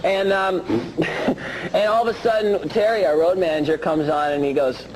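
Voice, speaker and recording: Young rocker telling an animated story. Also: male voice, sits high, normal speed. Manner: animated storyteller, loud impressions. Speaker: band member. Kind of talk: casual chat. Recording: noisy vintage TV recording.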